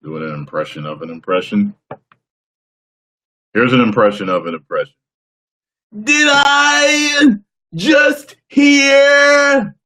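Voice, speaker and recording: A man hosting a casual live stream, chatting with viewers in a playful, boastful way and breaking into loud whoops. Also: low voice.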